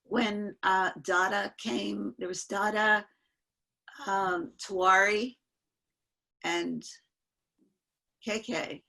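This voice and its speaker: Older woman, bright halting storyteller. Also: medium pitch, steady tone, creaky. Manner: earnest, halting, with many fillers. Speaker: panel guest sharing memories. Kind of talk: casual storytelling on an online call. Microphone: video call.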